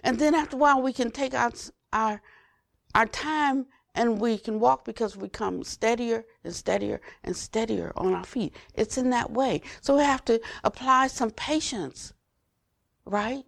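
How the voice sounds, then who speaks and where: An older woman giving an unhurried Buddhist dharma talk, repeating phrases for emphasis and trailing to a near whisper at phrase ends. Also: on the high side, vocal fry, no echo, studio quality. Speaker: Buddhist teacher.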